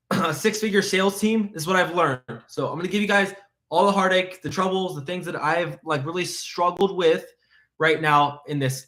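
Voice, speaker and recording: A man coaching insurance sales on a live stream, talking fast and excitedly, piling up rhetorical questions and repeating points. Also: a little high. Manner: energetic, motivational, fast and excited.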